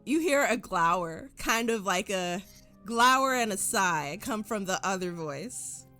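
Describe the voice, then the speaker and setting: A woman's voice: medium pitch, lively intonation, measured pace, bright, forceful tone, faint music behind. A woman narrating as game master of a tabletop role-play, describing scenes unhurriedly.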